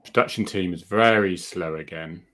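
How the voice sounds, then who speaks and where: A man's voice: sits low, moderate pace, fairly bright tone. A man hosting a casual live video chat, chatty and self-deprecating and laughing often. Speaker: host.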